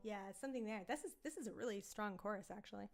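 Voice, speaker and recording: A woman's voice: medium pitch, quick pace, gravelly, soft background music. A woman chatting casually as she works out a song, thinking aloud and singing melody bits with scat syllables. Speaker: songwriter streamer. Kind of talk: casual songwriting livestream chat.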